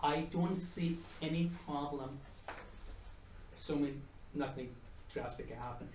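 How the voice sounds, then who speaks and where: Middle-aged guy giving a talk, slightly high voice, heard from across an echoey room, chatty and repeats himself a lot. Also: measured pace, far from the mic, background noise. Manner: chatty, repeats and restarts words, tells jokes. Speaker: economics professor giving a talk. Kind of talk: conference presentation. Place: conference room with audience. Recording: echoey room, mic from afar.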